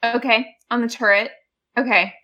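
A woman's voice: fairly high pitch, fairly even intonation, normal speed, pushed and bright, lo-fi sound. A woman playing a tabletop role-play, speaking hesitantly and a little flustered. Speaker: player. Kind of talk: casual tabletop game play.

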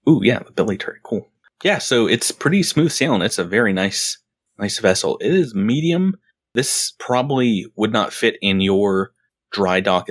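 A man narrating as game master in a tabletop role-play, relaxed and rambling. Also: fairly low pitch, no echo, clean studio sound. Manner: relaxed, rambling with fillers and restarts.

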